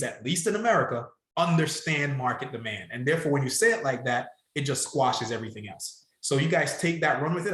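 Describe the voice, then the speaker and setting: A man coaching salon owners in a casual podcast chat. He is emphatic and drives his points home by repeating them. His voice sits at a middle pitch, in a room with audible echo. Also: fairly bright tone.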